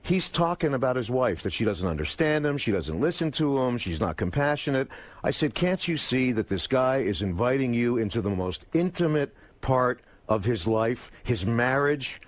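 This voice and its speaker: Man, comedian guest, animated profane storytelling, quotes people in voices, medium pitch, dry close studio sound. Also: moderate pace, no room sound. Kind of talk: casual storytelling on talk radio. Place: radio studio. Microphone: close studio mic.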